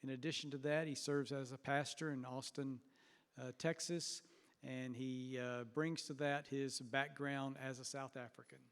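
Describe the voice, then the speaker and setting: A man's voice: medium pitch, flat delivery, normal speed, clean tone. Man introducing a speaker in a hall. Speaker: conference host introducing a speaker. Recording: echoey hall PA.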